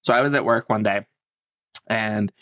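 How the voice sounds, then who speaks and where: A man's voice: fairly low pitch, normal speed, fairly bright tone, dry recording, clean studio sound. A man co-hosting a casual podcast, telling stories in a laid-back way full of fillers. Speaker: podcast co-host.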